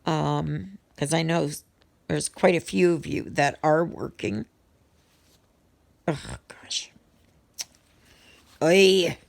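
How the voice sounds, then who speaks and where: While she stitches, a middle-aged vlogger talks to her viewers in a loose, rambling way full of ums and restarts. She speaks slowly with a low, creaky voice and pauses often.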